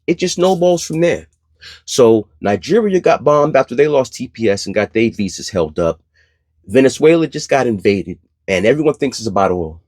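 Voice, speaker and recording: Husky sarcastic male commentator. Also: medium pitch, darkish tone, no room sound, studio quality. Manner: sarcastic, emphatic, preachy. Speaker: commentary channel host. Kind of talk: opinion commentary.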